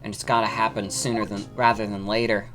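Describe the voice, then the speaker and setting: A woman's voice: a bass voice, flat delivery, fairly quick, over music. A woman voicing an earnest young male defense lawyer in a video game, speaking urgently.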